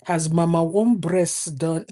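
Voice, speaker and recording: Low, slow, mellow-voiced woman teaching. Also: fairly even intonation. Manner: playful, laughs often between phrases. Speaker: spiritual advisor. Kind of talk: humorous teaching monologue.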